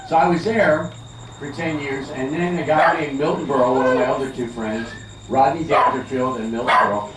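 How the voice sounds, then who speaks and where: An older man from Philadelphia does chatty, teasing stand-up for a backyard party crowd, telling stories in a mid-range voice with a steady tone and moderate pace. The recording sounds distant and echoey, with party noise all around.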